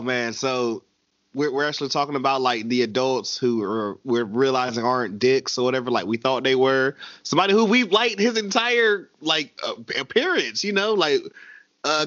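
A man co-hosting a podcast in a loose, animated way, stammering, restarting and swearing as he recaps a show. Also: medium pitch, no echo, dull audio. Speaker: podcast co-host. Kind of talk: casual chat recapping a TV show.

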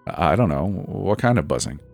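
A man with a low voice plays an easygoing, reassuring young husband in a spoken horror story. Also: big pitch swings, moderate pace, vocal fry, a little mellow, faint music behind, full character voice.

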